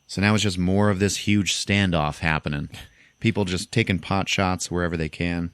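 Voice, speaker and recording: Deep-voiced man retelling a film. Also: fairly even intonation, moderate pace, a bit bright, smooth, dry recording. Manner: laughing storyteller, acts out lines. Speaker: podcast host. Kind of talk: casual film recap.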